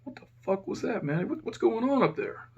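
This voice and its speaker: A man's voice: extremely high pitch, lively intonation, normal speed, darkish tone, slightly rough, muffled recording, voice pushed up, heavily acted. A man voicing a blunt, profane male prison guard. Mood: incredulous.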